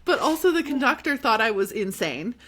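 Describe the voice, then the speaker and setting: A woman co-hosting a podcast, chatting about a trip in a giggly, lively way and laughing as she tells her stories. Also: fairly high pitch, brisk, husky. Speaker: podcast co-host. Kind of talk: casual travel storytelling chat.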